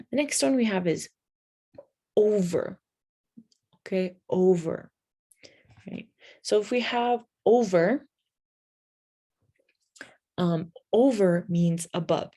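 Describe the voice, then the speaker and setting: Slow, patient woman teaching English. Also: fairly low pitch, dark tone. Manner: slow, patient, spells words letter by letter and checks with "right?". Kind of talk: English lesson for learners.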